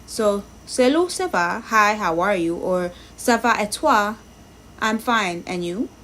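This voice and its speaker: Taking it slowly in an expressive, mid-range voice with a fairly bright tone, this woman streams herself practicing a language. She reads lesson text aloud, sounds out words, thinks out loud and says hello to chat viewers, with slight background noise behind her.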